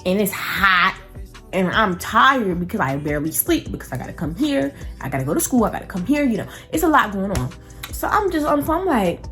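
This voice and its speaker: A teenage girl vlogger telling a story in a chatty, animated way, talking straight to her viewers. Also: mid-range voice, moderate pace, soft background music. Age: teens. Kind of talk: casual storytime.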